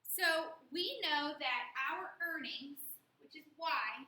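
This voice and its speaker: Female math teacher, high bright voice, patient step-by-step explainer, echoey room. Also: slow pace. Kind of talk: recorded classroom lesson.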